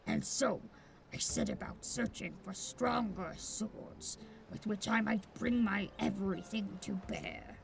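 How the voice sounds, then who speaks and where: A woman voicing a proud, brooding male swordsman in a low, hushed, earnest tone while reading game dialogue aloud. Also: big pitch swings, slow, gravelly, noisy background, heavily acted. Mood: solemn.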